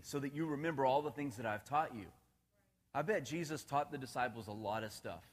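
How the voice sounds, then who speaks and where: A man preaching a relaxed, conversational sermon, often checking in with his listeners and laughing at his own jokes. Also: mid-range voice. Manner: casual, asks the congregation questions, laughs at his own jokes.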